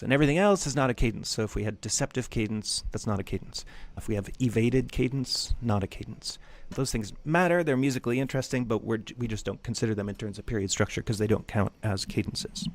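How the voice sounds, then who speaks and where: Relaxed man teaching music theory. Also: on the low side, quick pace, few pauses. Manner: loose, conversational, jokey asides. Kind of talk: casual lecture.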